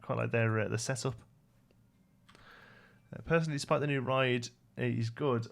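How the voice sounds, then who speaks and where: A man's voice: medium pitch, fairly even intonation, moderate pace, gravelly. A young British man livestreaming a building game, rambling to himself and answering chat questions in a casual way. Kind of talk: casual live-stream chat while building.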